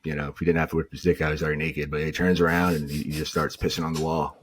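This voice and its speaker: A man's voice: a bass voice, fast, background noise. A young man from New England, a podcast guest, telling stories in a casual way and acting out what others said. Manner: animated, acts out quotes of others. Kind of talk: casual storytelling.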